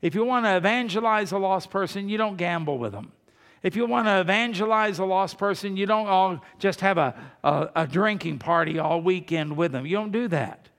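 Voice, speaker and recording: High-voiced preacher in an echoing hall. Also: male voice, moderate pace. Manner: preaching with emphatic rises and quiet asides. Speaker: pastor. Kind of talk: sermon.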